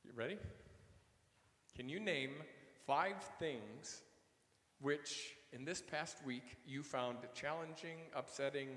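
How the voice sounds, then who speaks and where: Minister preaching in an echoey church. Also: male voice, on the high side, slow, fairly bright tone. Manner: conversational, asks the congregation questions, repeats words. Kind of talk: gospel reading and homily. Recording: echoey church hall reverb.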